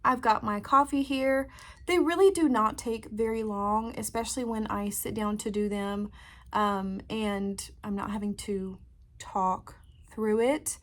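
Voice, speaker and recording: A woman chatting casually to camera as a beauty vlogger, relaxed with frequent ums, filming indoors by a window. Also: medium pitch, measured pace. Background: fan running.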